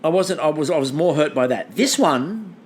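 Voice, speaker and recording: A woman co-hosting a podcast, chatting casually and telling animated stories full of acted-out quotes. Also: sits low, moderate pace, a little hiss or hum. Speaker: podcast co-host. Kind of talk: casual chat.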